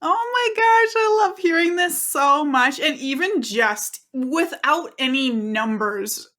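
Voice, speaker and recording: A woman's voice: sits high, animated, takes it slowly, pushed and bright. A woman hosting a podcast interview, enthusiastic and affirming toward her guest. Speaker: podcast host.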